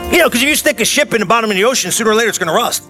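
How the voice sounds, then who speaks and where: Male preacher, high bright voice, animated storytelling sermon, faint music underneath. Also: racing. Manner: animated, conversational storytelling with shouted bursts.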